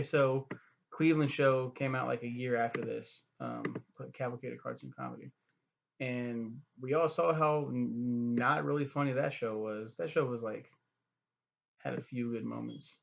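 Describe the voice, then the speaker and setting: A man's voice: medium pitch, fairly even intonation, normal speed, gravelly, muffled recording. A young man giving a profane, rambling, sarcastic review, full of fillers. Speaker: web series reviewer. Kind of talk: casual ranting review.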